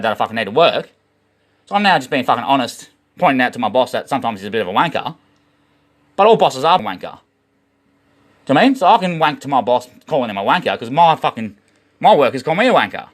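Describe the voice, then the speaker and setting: A man's voice: mid-range voice, a bit bright. Rambling, swearing Australian man. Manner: swears constantly, rambling wordplay, addresses "boys". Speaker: vlogger. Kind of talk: rambling monologue to camera.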